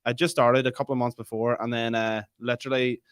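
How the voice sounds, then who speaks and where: A man's voice: mid-range voice, flat delivery, quick pace, clean tone, no echo, studio quality. A young man, chatting casually as a content creator guest on a podcast, rambling and laughing often. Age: young adult. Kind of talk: casual chat.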